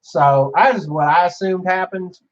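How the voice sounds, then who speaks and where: Young man, casual monologue, profane, rambling, fillers, slightly high voice, dull lo-fi recording. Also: normal speed. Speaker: vlogger. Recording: dull lo-fi sound.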